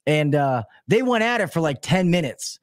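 A man's voice: fairly high pitch, very animated, normal speed, no room sound, clean studio sound. A man who works as an HVAC technician, a podcast guest telling work stories with lots of swearing and restarts. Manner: profane, rambling storyteller with many restarts. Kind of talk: casual podcast chat.

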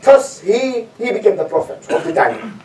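A man's voice: sits high, expressive, normal speed, darkish tone. A man giving a storytelling sermon as lecturer, repeating phrases for emphasis and asking rhetorical questions. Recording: echoey hall, distant mic.

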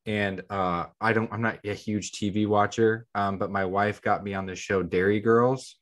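A man chatting loosely as a podcast co-host, his voice sitting a little low. He rambles, fills his talk with "like" and keeps restarting sentences as he works out his point. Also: steady tone, normal speed, a bit bright. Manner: rambling, heavy use of "like". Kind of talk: casual podcast chat.

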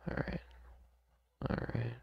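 A man's voice: slow pace, no echo, whispered, lo-fi sound. A man playing a video game, casually commenting and joking as he goes. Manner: laid-back, joking, mutters to himself. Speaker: gamer. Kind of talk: let's play commentary.

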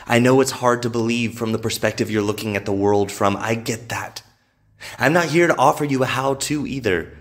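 A man's voice: mid-range voice, fairly bright tone. A man hosting a podcast, delivering a motivational monologue in an emphatic, repetitive way and swearing freely. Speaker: podcast host.

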